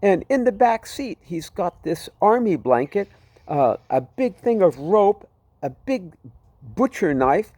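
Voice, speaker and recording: A man's voice: high-pitched, very animated, takes it slowly, warm tone, dry recording. A man telling his personal testimony in a vivid, dramatic way. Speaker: storyteller giving his testimony.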